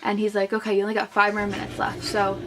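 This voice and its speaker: A woman's voice: medium pitch, monotone, fast, noisy background. A young woman casually telling a personal story to camera as a vlogger, chatty and full of "like", quoting what others said. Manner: chatty, heavy use of "like", retelling with quoted voices.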